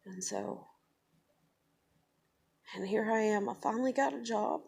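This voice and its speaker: A woman's voice: fairly high pitch, a little slow, vocal fry, a little mellow, breathy edge. Profane blunt woman vlogger. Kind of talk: personal storytelling monologue.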